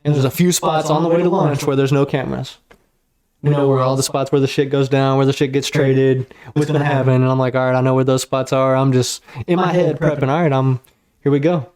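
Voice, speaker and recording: A man guest on a podcast, telling a story in a casual, animated, slang-heavy and profane way. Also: mid-range voice, brisk. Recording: roomy echo.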